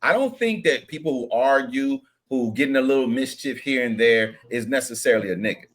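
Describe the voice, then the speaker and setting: A man on a panel call making his point in an articulate, measured, questioning way. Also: medium pitch, expressive, a bit bright. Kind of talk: panel debate.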